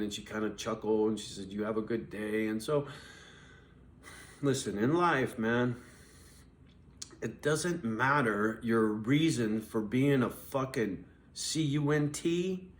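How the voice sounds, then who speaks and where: A man's voice: fairly low pitch, a bit bright, slight background noise. A man tells a rambling story straight to his camera, cursing freely as he goes. He acts out both sides of his conversations and keeps coming back to owning his mistakes, in an easy confessional tone. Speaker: vlogger. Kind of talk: casual storytelling monologue.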